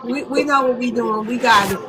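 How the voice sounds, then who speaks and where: A woman's voice: fairly high pitch, brisk, a loud crowd. A woman hosting a heated live online panel, scolding and heckling the callers. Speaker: panel host.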